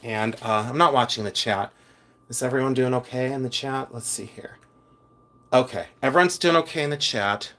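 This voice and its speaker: A man from Ohio selling jewelry on a livestream, chatting casually in an excitable, rambling way and talking to his viewers. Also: mid-range voice, normal speed. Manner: rambling, excitable, talks to the chat. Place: his office.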